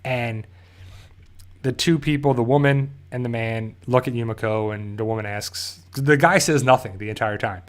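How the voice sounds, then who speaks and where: Male reviewer at an everyday mid pitch, loosely talking through an episode recap and correcting himself along the way. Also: normal speed. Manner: rambling, self-correcting, loosely paraphrases scenes. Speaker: TV show reviewer.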